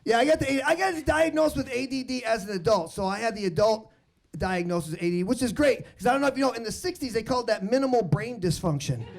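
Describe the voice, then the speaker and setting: On stage in a live room filled with crowd laughter, a male comedy host talks fast in a very high, gravelly voice with lively intonation. He brings on comics and rambles through jokes at his own expense.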